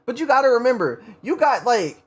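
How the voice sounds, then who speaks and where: A man's voice: extremely high pitch, sing-song, brisk. American man reading aloud, stumbling. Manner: stumbles over words, breaks off to comment. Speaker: streamer. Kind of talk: reading a story aloud on a livestream.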